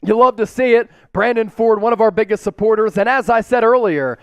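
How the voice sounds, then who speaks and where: Guy hosting a fan stream, really high voice, smooth and dry, calling plays all hyped up. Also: no echo. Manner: hyped, rapid fan commentary with shouted cheers. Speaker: fan watch-party host. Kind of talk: live-stream play-by-play and chat shout-outs.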